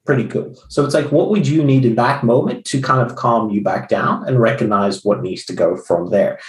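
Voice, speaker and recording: A man's voice: normal speed, recorded from a distance. A blunt, plain-spoken man chats as a podcast co-host and coach, swearing freely. He acts out what other people say with sudden leaps in his voice. The room around him rings with echo. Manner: blunt, swears, acts out others' lines with big pitch jumps. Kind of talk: casual podcast chat. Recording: roomy echo.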